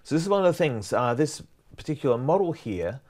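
A man's voice: fairly high pitch, very animated, a little fast, a little mellow. A man giving a prerecorded university lecture, explaining in a loose, conversational way that wanders from point to point.

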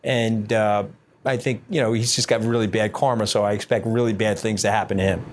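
A man answering interview questions bluntly and combatively, brash and scathing, talking in quick bursts with many fillers. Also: fairly low pitch, steady tone. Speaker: interview guest.

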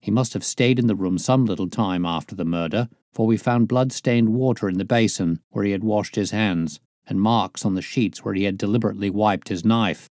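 A man's voice: fairly low pitch, brisk, hardly any pauses, a little mellow, dry recording, clean studio sound, natural voice. A man reading aloud, voicing a matter-of-fact male police inspector in a near-natural voice. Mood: reporting. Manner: plain, matter-of-fact reporting.

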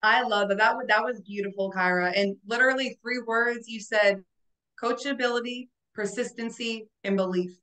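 A woman hosts a motivational agency call over video, speaking in a bright, forceful tone. Her voice sits a little high, and she coaches her listeners, checking in with "right?" after each point. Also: steady tone, normal speed, poor audio. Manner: upbeat, coaching, keeps asking "right?" and addressing "guys". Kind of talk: motivational interview chat.

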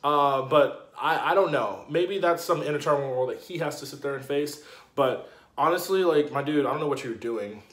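A man with a slightly high voice talks through a casual video review. He rants in an animated, indignant way, full of slang and fillers. His voice echoes in a roomy space. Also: moderate pace. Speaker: TV episode reviewer.

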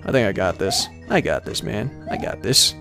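A man giving casual gameplay commentary as a let's player, laughing often, swearing, and breaking into loud frustrated outbursts. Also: on the low side, very animated, moderate pace, music in the background.

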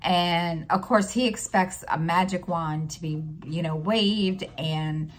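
A woman's voice: on the low side, slow pace, few pauses. A middle-aged woman vlogging in casual chat, rambling with many fillers and restarts, telling an exasperated story with sighs.

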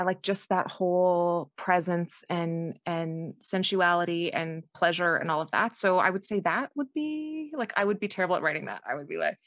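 A woman's voice: fairly low pitch, fairly bright tone, no room sound, studio quality. A woman from Canada, a guest author, chatting in a rambling, self-deprecating way and laughing often. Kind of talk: casual interview chat.

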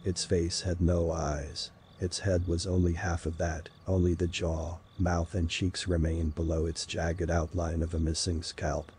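Male horror narrator, very deep and dark-toned, slow and dramatic. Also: level tone, a little hiss or hum. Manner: slow, measured, dramatic reading.

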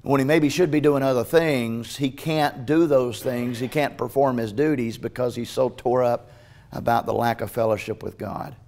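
A male pastor preaching a sermon in a church, swinging between hushed, tender passages and loud, urgent ones, with frequent restarts. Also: medium pitch, normal speed. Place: church sanctuary.

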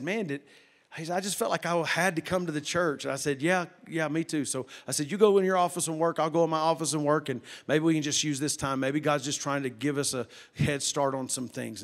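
Folksy preacher man. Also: fairly high pitch. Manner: folksy, animated, with loud sound effects and hushed quoted voices. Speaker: pastor. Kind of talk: storytelling sermon.

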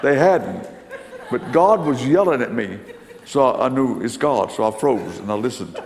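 A man's voice: mid-range voice, animated, normal speed, vocal fry, a crowd in the background. An older man preaching, telling stories in a folksy, emphatic way. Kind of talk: sermon storytelling. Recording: long hall reverb.

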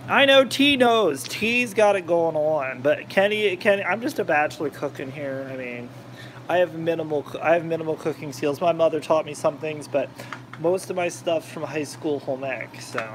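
A man's voice: fairly high pitch, moderate pace, a bit bright, slight background noise. Chatty man rambling over a stove. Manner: rambling, chatty, drifts off topic. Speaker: cooking vlogger, channel host. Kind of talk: casual chat while cooking, reading viewer comments. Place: home kitchen.

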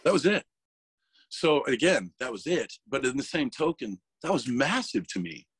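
A man's voice: mid-range voice, very animated, moderate pace, slightly rough, no room sound. A man speaking as an interview guest, talking candidly and emotionally, swearing freely and restarting his words. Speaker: interview guest, metal vocalist.

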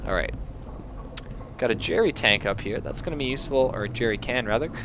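A man's voice: medium pitch, lively intonation, a little fast, gravelly, background noise. A young man hosting a gameplay video, giving playful, self-mocking commentary as he plays.

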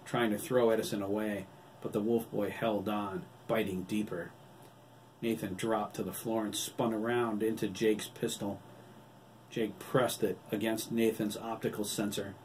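A man reading his own novel aloud in steady audiobook narration, a little off-mic with faint hiss. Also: lowish voice, distant mic, low-quality recording.

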